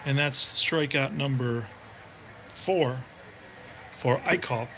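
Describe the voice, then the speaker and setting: A man calling the play-by-play of a tabletop baseball game he plays himself, in a relaxed, chatty way that drifts into thinking aloud. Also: mid-range voice, takes it slowly, slight background noise.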